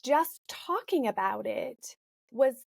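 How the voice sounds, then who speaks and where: A woman's voice: high-pitched, animated, takes it slowly, gravelly, no room sound. A woman hosting an interview, reflectively sharing her own experience. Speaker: podcast host. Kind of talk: conversational interview.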